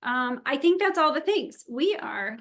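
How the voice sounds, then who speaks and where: A woman's voice: high voice, lively intonation, unhurried, fairly bright tone. Upbeat chatty woman giving instructions. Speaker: event organizer. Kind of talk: briefing a virtual meeting.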